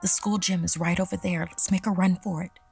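A woman's voice: lowish voice, fairly even intonation, a little fast, gravelly, a little mellow, faint music behind, pitched above the performer's own voice. A woman voicing a frightened teenage girl who whispers urgently in a horror story.

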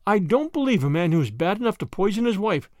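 A man's voice: fast talker, dry recording, clean studio sound. A man voicing a fussy, anxious old grandmother. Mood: wistful. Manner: high, quavering, excitable.

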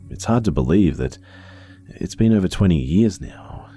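A man's voice: sits low, lively intonation, normal speed, mellow, soft background music, voice pushed up. A man doing a young policewoman. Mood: earnest. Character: young woman police officer, daddy's girl.

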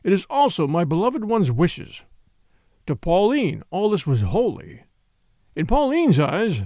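A man voicing a tall male cult prophet who shouts and blusters in fury. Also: high voice, wildly swooping pitch, a little slow, no room sound, clean studio sound, exaggerated voice. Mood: ranting.

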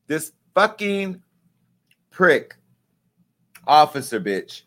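Male vlog host, joking gossip commentary, salty and lively, slightly high voice. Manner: animated, profane, joking.

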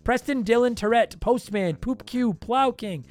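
A man hosting a podcast, casually joking and rattling off a long list of patron names while his voice is tired and worn. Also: extremely high pitch. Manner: joking, self-deprecating, rapid list reading. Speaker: podcast host.

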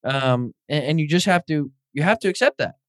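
A man's voice: fairly high pitch, brisk, no echo. Casting: easygoing male podcast host, dry close sound, casual and agreeable. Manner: relaxed, agreeable, uses fillers like "like" and "uh". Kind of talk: casual chat.

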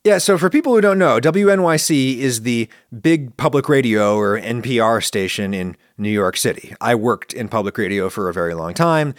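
A man's voice: medium pitch, lively intonation, normal speed, few pauses, no echo, clean studio sound. A man from central Pennsylvania with a general northern US accent, hosting a viewer-question show in a wry, opinionated explanatory monologue. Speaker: host answering viewer questions.

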